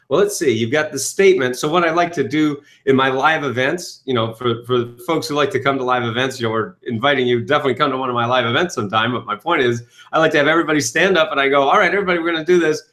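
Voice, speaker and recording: A man, a self-help author, telling his story in an interview with lively acted-out quotes. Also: on the high side, fairly quick. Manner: enthusiastic, quotes himself and audiences in lively asides.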